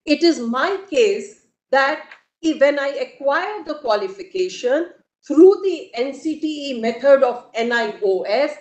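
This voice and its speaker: A woman, arguing formally before a court in a measured, emphatic way. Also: high voice, expressive, a little mellow. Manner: measured, emphatic, addresses the bench repeatedly. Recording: echoey courtroom audio.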